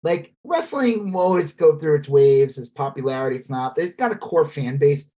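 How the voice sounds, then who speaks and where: A man in loose podcast banter whose pitch swings widely as he talks. He swears freely and slips into quick acted-out voices to make his point. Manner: animated, swearing, acts out voices in quotes. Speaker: podcast co-host. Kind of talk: casual chat.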